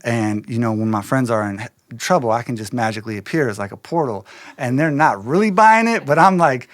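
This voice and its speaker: A man's voice: mid-range voice, brisk, no room sound. Slangy Midwestern man telling a story. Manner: loose, slangy, animated retelling with quoted voices. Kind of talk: casual spoken storytelling.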